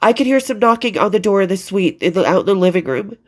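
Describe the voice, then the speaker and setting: A middle-aged woman reading her own memoir aloud, candid and expressive, with casual asides and blunt swearing. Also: mid-range voice, fast talker.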